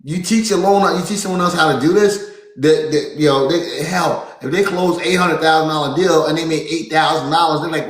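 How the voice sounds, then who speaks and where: A man giving an energetic, repetitive seminar talk as a real estate business coach, often calling his listeners folks. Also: fairly high pitch, a little fast, roomy sound.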